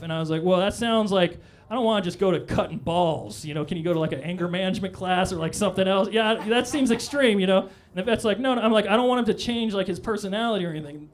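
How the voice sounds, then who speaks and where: A man's voice: high voice, fast, a little hiss or hum. A man performing a stand-up comedy set on a club stage, with a loose, rambling delivery full of "all right?" asides.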